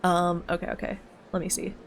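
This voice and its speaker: A young woman streaming a game, chatting casually, thinking out loud and laughing often while switching between voices. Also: on the low side, little pitch movement, brisk, slight background noise. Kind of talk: casual gaming commentary, reading dialogue aloud.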